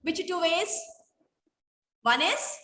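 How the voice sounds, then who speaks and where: A woman teaching grammar in an online class, speaking slowly and repeating questions to her students. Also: very high voice, expressive, bright, forceful tone, reverberant, slight background noise. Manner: slow, repetitive, quizzing students. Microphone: video call.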